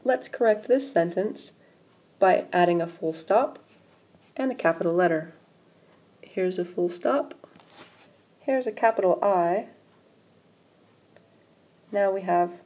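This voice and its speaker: A woman's voice: lowish voice, takes it slowly, pauses often, warm tone. A woman teaching a recorded grammar lesson, patiently explaining step by step while pointing at examples on screen. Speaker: English writing teacher.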